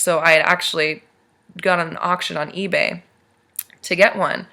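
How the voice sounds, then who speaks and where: A young woman vlogger casually retelling a strange dream to her camera, animated and rambling. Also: on the low side, moderate pace, gravelly.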